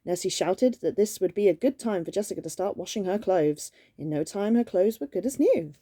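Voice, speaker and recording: A woman's voice: mid-range voice, animated, fairly quick, mellow, no room sound, clean studio sound. A woman reading a children's gift book aloud at home in a playful, chatty way, stopping now and then to banter. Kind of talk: casual read-aloud storytime with banter.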